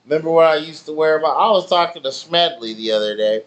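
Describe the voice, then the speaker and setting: A man's voice: fairly high pitch, lively intonation, quick pace. A man streaming, telling rambling stories in loose slang with plenty of swearing. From family in Nigeria. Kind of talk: casual chat with stream viewers.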